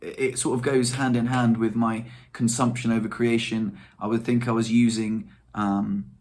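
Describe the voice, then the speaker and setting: A man's voice: mid-range voice, little pitch movement, normal speed, darkish tone. A young man, chatting casually to camera in a rambling, self-deprecating way. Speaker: vlogger.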